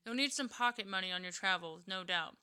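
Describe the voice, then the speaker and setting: A woman reading out the lines of a frail old man, a grave family friend, in a plain, unhurried way. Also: medium pitch, clean tone. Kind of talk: reading game dialogue aloud. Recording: loud background noise, typing clicks.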